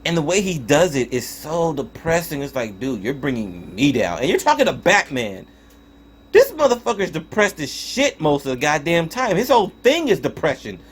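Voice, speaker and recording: A young man reviews a show in a loose, exasperated rant, full of swearing and stumbling restarts. His voice sits somewhat high for a man and swings widely up and down as he talks. He sounds fed up. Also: sing-song, moderate pace, breathy edge. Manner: profane, exasperated ranting with frequent restarts. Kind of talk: casual spoken review.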